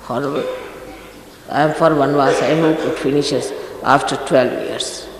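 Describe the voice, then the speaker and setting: A woman's voice: a bass voice, fairly even intonation, a little slow, a crowd in the background. A woman spiritual teacher giving a stern, scolding talk to her followers, recorded in a large hall. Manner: stern and admonishing, emphatic. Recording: echoey archive recording from a hall, faint noise.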